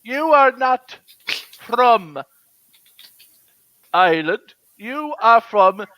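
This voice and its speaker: A man's voice: very high-pitched, animated, drawn-out words, sharp tone, no room sound, rough recording. A man in a casual group chat on a live show, insisting stubbornly and repeating himself.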